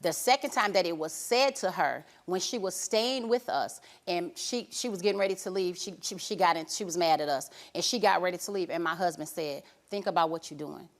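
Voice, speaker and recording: A middle-aged woman, a grandmother and talk show guest, insistent and defensive as she explains herself. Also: on the low side. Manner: defensive, insistent, rapid and repetitive. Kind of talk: emotional talk show confrontation.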